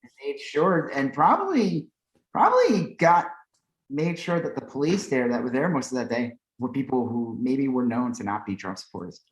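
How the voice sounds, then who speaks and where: A man's voice: medium pitch, very animated, normal speed. Profane man ranting in an echoey room. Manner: heated, profane, reads posts aloud. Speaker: podcast co-host. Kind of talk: casual political chat.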